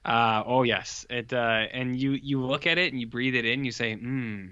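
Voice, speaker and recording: Podcast cohost guy, bright tone, a bit dull sounding lo-fi mic, rambles on. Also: medium pitch, normal speed, clear, resonant tone, no room sound. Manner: rambling, animated retelling with put-on quotes. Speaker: podcast co-host reviewing horror films. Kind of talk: casual chat.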